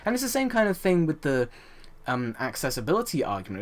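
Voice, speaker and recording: A man's voice: fairly high pitch, wildly swooping pitch, quick pace. A young man hosting a let's play, ranting over gameplay with indignant rhetorical questions and the odd swear. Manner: frequent fillers and restarts, swears.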